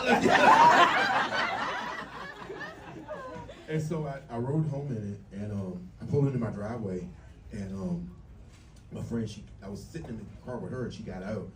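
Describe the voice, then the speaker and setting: A crime author telling a story to a live audience, animated and laughing as he goes. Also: lowish voice, fairly quick. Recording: echoey hall from far off, loud crowd noise.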